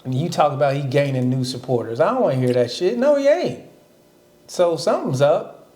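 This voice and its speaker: This is a male comedian trading jokes on a podcast. He is blunt, sarcastic and profane. His voice sits a touch higher than most men's. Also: big pitch swings, fairly quick, darkish tone. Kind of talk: casual comedy podcast banter.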